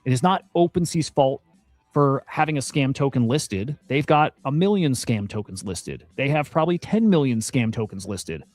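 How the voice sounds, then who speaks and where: A man's voice: mid-range voice, animated, normal speed, a little mellow, no room sound. Guy ranting on his crypto stream, swears a lot, keeps repeating himself, dry close mic, faint music behind. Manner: blunt, profane, exasperated, repeats himself. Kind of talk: casual ranting commentary.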